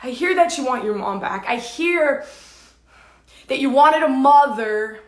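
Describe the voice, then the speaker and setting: High-pitched lady doing an emotional spiritual talk, keeps repeating affirmations, casual swearing, roomy echo. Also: animated, a little slow. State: tearful and dizzy at times. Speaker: spiritual teacher.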